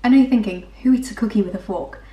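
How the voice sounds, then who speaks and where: A woman's voice: mid-range voice, fast talker, dark tone, reverberant, slight background noise. A young woman walking through recipes in her home kitchen, chatty and self-mocking. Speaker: cooking vlogger. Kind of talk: casual recipe walkthrough.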